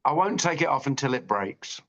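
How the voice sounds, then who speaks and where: A man's voice: medium pitch, expressive, brisk, gravelly, a little hiss or hum. Man hosting a spiritual talk over a dull line. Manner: gentle, conversational, many fillers. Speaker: host of a spiritual meeting. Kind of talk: relaxed spiritual discussion.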